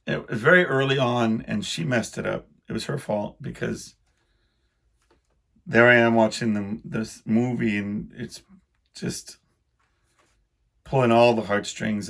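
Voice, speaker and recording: A middle-aged man hosting a podcast, rambling through a casual solo monologue in a self-deprecating way, full of halting restarts. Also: fairly low pitch, creaky, fairly bright tone. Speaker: podcast host.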